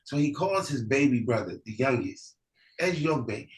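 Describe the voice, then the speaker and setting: A male priest teaching in a relaxed, conversational manner, his voice sitting at an ordinary middle pitch. He circles back over his words as he explains. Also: normal speed, poor audio. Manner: relaxed, conversational, with frequent restarts. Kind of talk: teaching through storytelling.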